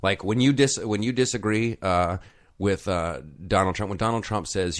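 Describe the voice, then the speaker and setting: Male talk host, low voice, sarcastic and mock-outraged banter. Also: normal speed. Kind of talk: casual political banter.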